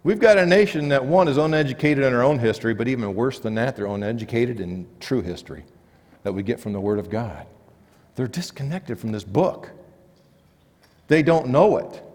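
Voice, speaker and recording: Guy preaching, goes loud then drops real low, long echo from the church hall. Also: expressive, normal speed. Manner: rising and dropping emphatic delivery, quiet low stresses. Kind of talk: sermon. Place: church sanctuary.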